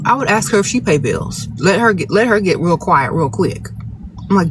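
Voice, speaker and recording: Sassy high-voiced man giving blunt advice. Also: animated, normal speed, slight background noise. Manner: blunt, sassy, no-nonsense, talks straight to viewers. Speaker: advice-giving livestream host. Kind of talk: casual live advice chat reading viewer questions. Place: outdoors, birds nearby. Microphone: phone.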